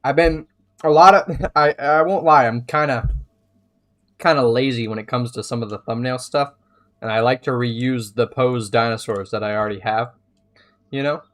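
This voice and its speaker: A man's voice: medium pitch, moderate pace, a bit bright. A man live-streaming a building game, chatting casually and thinking aloud as he plays.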